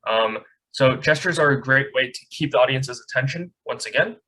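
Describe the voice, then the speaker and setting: A man's voice: medium pitch, moderate pace, sharp tone, poor audio. A young man teaching a speech class over a video call, conversational, often checking in with "right?". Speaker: speech camp instructor. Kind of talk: online lecture. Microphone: webcam on a video call.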